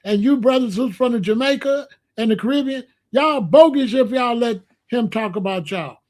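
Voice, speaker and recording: A man's voice: very high voice, normal speed, darkish tone. A man, hosting a heated, blunt commentary rant full of slang. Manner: angry, blunt, slangy, repetitive. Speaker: commentary channel host.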